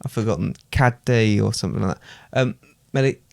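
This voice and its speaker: A man's voice: lowish voice, brisk, vocal fry, no room sound, studio quality. A young man from Britain, co-hosting a podcast with his father, chatty and hesitant with lots of fillers. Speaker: podcast co-host, son. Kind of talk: joking banter.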